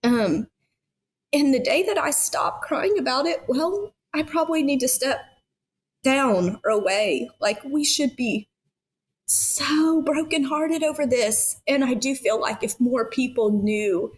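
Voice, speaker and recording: A woman's voice: high voice, measured pace. A woman in her thirties talking as a foster parent guest in a heartfelt podcast conversation, earnest and emotional, with many fillers.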